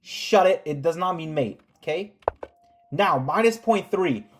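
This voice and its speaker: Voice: mid-range voice, lively intonation, slight background noise. Sarcastic chess recap commentator. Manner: sarcastic, scolding the players with rhetorical questions; calls out moves in rapid lists.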